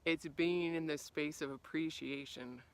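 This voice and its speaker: A woman life coach giving a motivational talk to camera outdoors in the cold. She acts out quoted reactions with big jumps in pitch and volume, then drops to a soft, quiet voice on reflective lines. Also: steady tone, a little slow.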